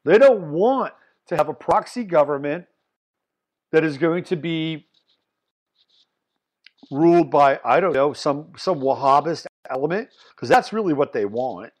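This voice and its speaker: Blunt, animated man talking politics. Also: a little high, unhurried, long pauses. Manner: animated, blunt, swings between loud emphasis and muttered asides. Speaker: podcast host. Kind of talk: solo political commentary.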